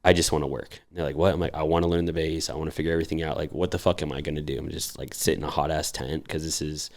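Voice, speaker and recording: Very deep gravelly man telling stories. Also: steady tone, rapid-fire. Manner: profane, acts out quoted voices animatedly. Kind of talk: casual storytelling.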